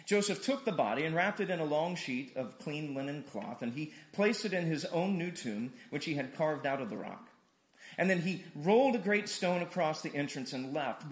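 A man's voice: a little high, reverberant. A man preaching a conversational sermon, often repeating words and acting out dialogue. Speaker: pastor.

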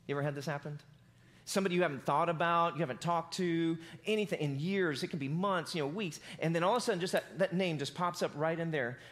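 A pastor preaching a sermon in a casual, conversational, animated storytelling manner. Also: male voice, fairly high pitch, fast talker.

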